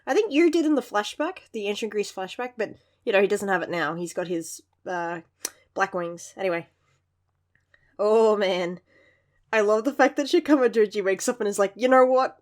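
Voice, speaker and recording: A woman's voice: medium pitch, normal speed. Giggly young woman gushing over manga. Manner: gushing, giggly, animated asides. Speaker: manga reviewer. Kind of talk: casual chat.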